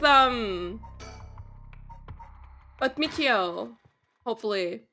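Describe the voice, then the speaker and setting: A woman's voice: on the high side, normal speed, bright, forceful tone, faint music behind. A woman streamer giving casual, rambling and profane commentary while playing a game. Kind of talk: casual let's-play commentary.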